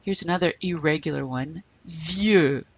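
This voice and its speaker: A woman teaching French in a recorded lecture, slowly modelling pronunciation for students to repeat. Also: sits low, no room sound.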